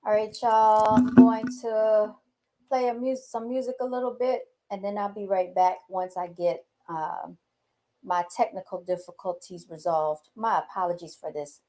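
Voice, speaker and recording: A woman's voice: mid-range voice, fairly even intonation, unhurried, mellow, rough recording. Woman hosting a livestream; folksy, dramatic delivery, talks straight to her viewers. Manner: dramatic, folksy, keeps addressing viewers as y'all; apologetic while fixing a fallen mic stand. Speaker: livestream host. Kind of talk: casual livestream talk to viewers. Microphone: handheld studio microphone.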